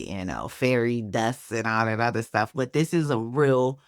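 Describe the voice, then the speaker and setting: A woman's voice: rumbling low, expressive, moderate pace, few pauses, no echo, studio quality. A woman with a Chicago accent talking casually to camera as a faith-based self-help speaker, peppering her talk with "like" and "right?". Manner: conversational, frequent "like" and "right?" tags.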